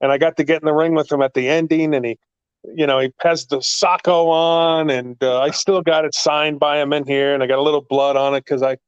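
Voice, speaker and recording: A man telling wrestling stories in a casual chat, excitable and rambling, his pitch jumping up in the story. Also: a little fast, clear, resonant tone, no room sound, dull audio. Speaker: guest, actor and former wrestling manager.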